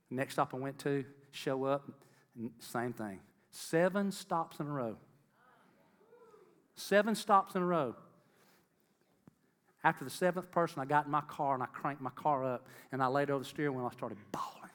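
A man's voice: mid-range voice, steady tone, fairly quick, in a large hall. A middle-aged man giving an earnest testimony sermon to a congregation, repeating phrases for emphasis and calling out to the crowd. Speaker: lay preacher.

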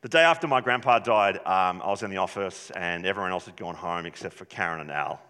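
A man preaching a sermon as pastor, passionate and building up to shouts at times. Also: low-pitched, fast, big-room sound.

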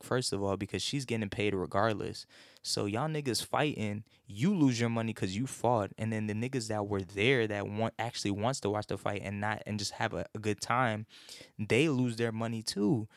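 Male host, low voice, rambling profane rant, dry close sound. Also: no room sound. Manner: rambling, heavy swearing, many restarts.

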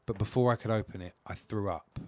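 A man's voice: on the low side, fast, dark tone, dry recording. A man co-hosting a podcast, telling a long embarrassing story in a rambling, self-deprecating way. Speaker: podcast co-host. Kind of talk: casual chat, storytelling.

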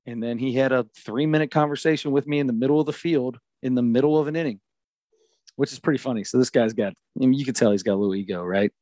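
A man, a youth baseball coach, telling a story in an animated, emphatic way during a casual podcast chat on a close mic. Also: medium pitch, fast talker, no echo.

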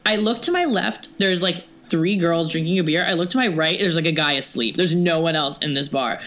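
A young woman telling a story casually, animated and quick, with many "like" fillers and some swearing. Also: lowish voice. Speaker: podcast storyteller.

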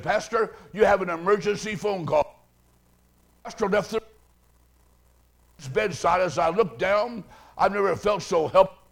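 A man preaching a sermon, telling a story dramatically and swinging from hushed tones to shouting. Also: high-pitched, creaky.

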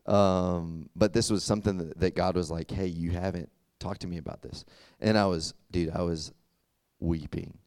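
Casual young male preacher, smooth voice. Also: deep voice, steady tone, moderate pace, a little mellow, dry recording, clean studio sound. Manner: conversational, filler-heavy, often asks "does that make sense?". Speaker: youth pastor. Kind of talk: casual sermon.

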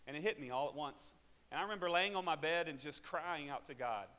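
A man with an Arkansas accent, a pastor telling a personal testimony in a sermon, moving between loud preaching and quiet asides. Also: a little high, fairly quick. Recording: hall reverb.

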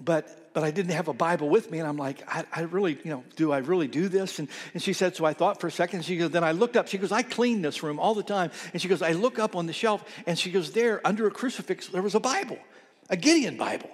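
A man preaching a sermon as pastor, telling stories and quoting people, sometimes dropping to a soft near-whisper. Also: sits high, fast. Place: church sanctuary. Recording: long reverb in a church hall.

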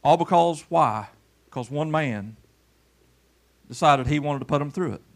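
A male pastor from Kentucky preaches a folksy sermon in church at a measured pace, calling people up front for a demonstration. He swings between loud calls and low murmurs.

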